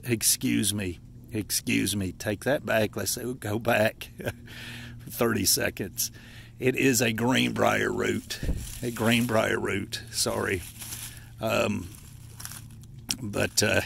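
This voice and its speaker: Gravelly man, out of breath. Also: lowish voice, a bit bright, slight background noise. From Appalachia, United States. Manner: folksy, rambling, corrects himself. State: out of breath, stuffy nose. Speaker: forager showing wild edibles. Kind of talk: casual walking vlog. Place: outdoors in a yard.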